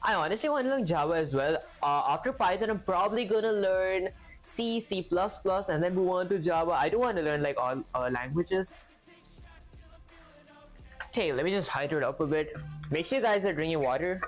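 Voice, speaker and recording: A man's voice: high-pitched, moderate pace, faint music behind. A man on a live stream, chatting casually with his viewers while working through programming exercises, filling his talk with "like". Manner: chatty, lots of "like" fillers, talks to chat. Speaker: livestreamer learning to code.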